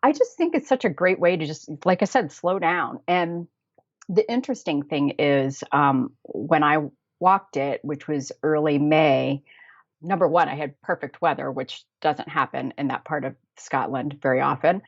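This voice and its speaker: An American woman telling travel stories in a casual podcast interview, chatty and quick to laugh, with many fillers. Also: sits low, dry recording. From United States. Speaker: guest, travel planner. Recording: dull, dry lo-fi audio.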